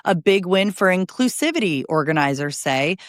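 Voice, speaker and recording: Female news host, lowish voice, brisk roundup with chatty asides, dry close mic. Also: lively intonation, no room sound.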